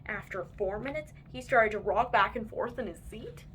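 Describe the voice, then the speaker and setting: A woman reading children's picture books aloud with an expressive, lively delivery. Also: mid-range voice, moderate pace, slight background noise. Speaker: children's book reader.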